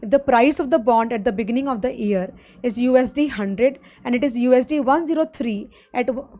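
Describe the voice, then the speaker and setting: A high-pitched woman with an Indian English accent teaching exam finance in a live online class. She explains each step plainly and keeps checking in with her students as "guys." Her voice sits well above most women's. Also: a little fast. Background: loud drums of a street festival.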